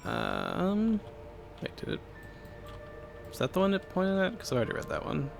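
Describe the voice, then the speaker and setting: A man's voice: high voice, wildly swooping pitch, normal speed, vocal fry, over music. A man streaming a game live, chatting casually and thinking aloud as he plays.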